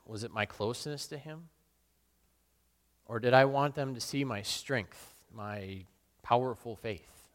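A man's voice: medium pitch, lightly acted. A man playing Peter, a remorseful old-time fisherman. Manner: solemn, halting and self-questioning. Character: remorseful apostle Peter, a burly middle-aged fisherman. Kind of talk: dramatic monologue. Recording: long reverb in a large hall.

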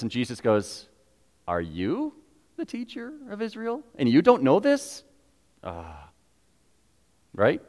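A man preaching a sermon to his congregation, animated and conversational, acting out quotes and asking the listeners questions. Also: lowish voice. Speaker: pastor. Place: church sanctuary. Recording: long church reverb.

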